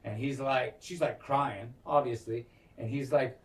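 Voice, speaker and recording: A man co-hosting a podcast, casually recapping a TV episode, animated and swearing often as he acts out the characters' lines. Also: medium pitch, measured pace, recorded from a distance. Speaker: podcast co-host.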